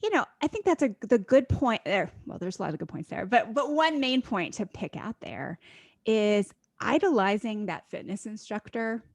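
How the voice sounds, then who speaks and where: A woman's voice: on the high side, animated, moderate pace, dry recording. Woman podcast host, 40s, earnest and encouraging, lots of mm-hmms, dry close sound. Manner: earnest, encouraging, frequent affirmations. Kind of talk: casual podcast interview.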